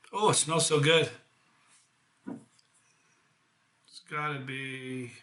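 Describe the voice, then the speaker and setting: Man, American, bright ringing voice, casual live review host, chatty and upbeat, echoey room. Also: on the high side. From United States. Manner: chatty, enthusiastic, self-deprecating jokes. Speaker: hot sauce reviewer and channel host.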